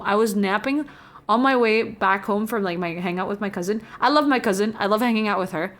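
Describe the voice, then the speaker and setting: Reading her chat and talking casually with viewers, this young female streamer is chatty and giggly, shifting from soft tones to excitement. She speaks a little fast at a medium pitch.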